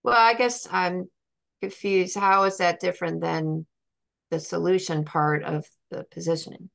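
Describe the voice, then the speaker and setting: A woman's voice: lowish voice, steady tone, measured pace, vocal fry, a bit bright. A woman in a workshop asking a puzzled question. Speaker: workshop participant.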